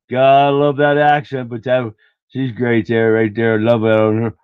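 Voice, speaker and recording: A man hosting a political livestream, talking in a blunt, folksy way and clearing his throat often. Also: medium pitch, little pitch movement, normal speed, darkish tone, no room sound. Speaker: livestream host. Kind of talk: casual political commentary. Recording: dull lo-fi dry sound.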